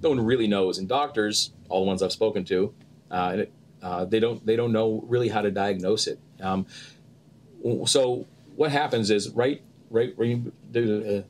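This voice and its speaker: Male actor guest, lively storyteller, lowish voice, light background hiss. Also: moderate pace. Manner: animated storyteller, acts out quotes with laughter. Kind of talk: casual interview chat.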